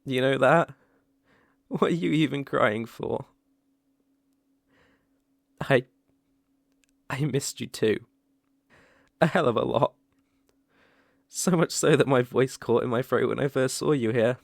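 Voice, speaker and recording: A young man with a British accent playing a remorseful ex-boyfriend in a whispered role-play, speaking hesitantly with soft laughs. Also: mid-range voice, slow, creaky, pauses often, no room sound, clean studio sound. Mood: tender. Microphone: close mic, ASMR.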